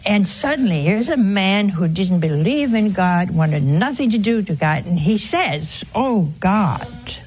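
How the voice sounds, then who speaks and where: A woman in an informal religious broadcast, telling a story earnestly and with emphasis, sometimes dropping to a hushed voice. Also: medium pitch, expressive, unhurried, hardly any pauses, slightly rough. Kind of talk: informal spiritual talk with a story.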